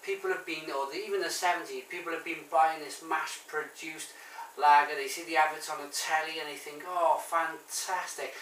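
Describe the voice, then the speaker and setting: A man's voice: on the high side, fairly even intonation, brisk, a bit bright, distant mic, a little hiss or hum. A man with a Barry Welsh accent, reviewing a bottled beer in a chatty, rambling way full of ums and restarts. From Wales. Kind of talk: casual review to camera. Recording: echoey room, voice off-mic.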